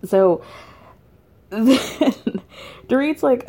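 A woman's voice: a little high, expressive, unhurried, pauses often, mellow. A woman casually recapping with profanity, chatty and opinionated, laughing as she retells.

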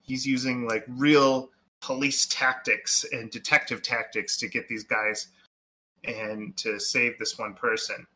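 A man's voice: mid-range voice, level tone, slow pace, sharp tone. A man co-hosting a podcast, chatting casually about movies, rambling and full of fillers. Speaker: podcast co-host.

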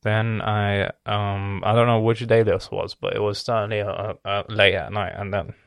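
A young man talking in a casual, rambling monologue, cursing often and filling pauses with ums and restarts. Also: on the low side, flat delivery, gravelly, clean tone, dry recording. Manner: profane, rambling, with many fillers and restarts. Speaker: vlogger.

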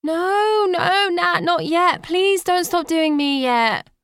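A woman's voice: very high-pitched, takes it slowly, a bit bright, no room sound, clean studio sound, voice pushed up, exaggerated voice. A woman voicing a desperate, hungover young woman who whimpers and pleads. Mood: pleading whimper.

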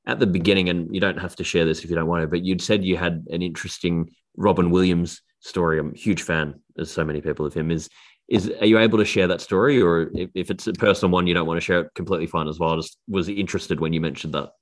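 A man hosting a podcast, relaxed and friendly in casual interview chat. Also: low voice, fast. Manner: relaxed, friendly, says "mate". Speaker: podcast host.

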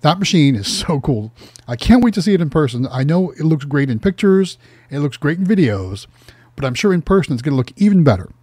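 A man co-hosting a livestream who announces a giveaway in an upbeat promotional way, clearing his throat and using fillers, with some voice trouble. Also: fairly high pitch, sing-song, fairly quick, a little mellow, dry recording. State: voice problems. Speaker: co-host.

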